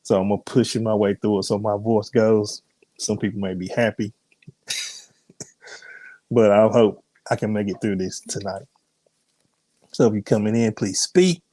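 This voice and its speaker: A man's voice: fairly low pitch, fairly even intonation, measured pace, long pauses, mellow, no echo. A man hosting a live ministry broadcast while sick, his voice strained; he chats casually, greets viewers by name, then prays and preaches. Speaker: host and minister. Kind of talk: live-streamed sermon and chat.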